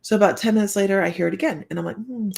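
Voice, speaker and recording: Gravelly-voiced woman chatting on a live stream. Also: mid-range voice, fairly even intonation, racing, darkish tone. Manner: rambling, chatty, laughs often, many fillers. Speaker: psychic reader and show host. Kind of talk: casual live-stream chat and storytelling.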